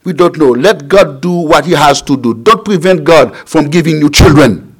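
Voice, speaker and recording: A middle-aged male preacher from Haiti delivers a sermon in a fairly high voice. He repeats his phrases for emphasis and swings between loud declarations and quiet asides. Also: normal speed, breathy edge.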